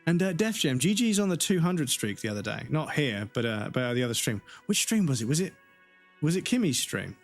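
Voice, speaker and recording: A man's voice: mid-range voice, very animated, a little fast, faint music behind. A man chatting casually while streaming a game, rambling and swearing freely.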